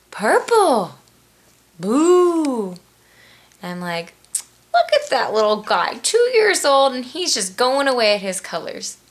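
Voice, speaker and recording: Woman, mother, casual vlog storyteller; lower-pitched, animated, does a stern mom voice. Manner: animated, acts out quoted voices with big pitch jumps; drops into a low, slow stern mom voice. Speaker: mother telling a parenting story.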